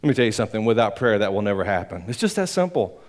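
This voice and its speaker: A male pastor preaching a sermon in church, swinging between loud emphatic peaks and low quiet asides, with a rambling, folksy delivery. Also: very animated, rapid-fire. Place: church sanctuary.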